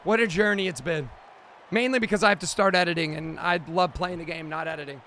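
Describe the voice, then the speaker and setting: A young man streaming a video game, calling the plays in hyped commentary that bursts into loud excited shouts between quick recaps. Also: on the high side, a little hiss or hum. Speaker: gaming streamer.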